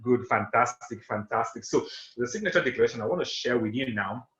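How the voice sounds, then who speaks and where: Fast-talking man teaching an online class. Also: mid-range voice, a bit bright, reverberant, muffled recording. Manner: fast, repetitive, emphatic, asks for confirmation. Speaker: online trainer and coach. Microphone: video call.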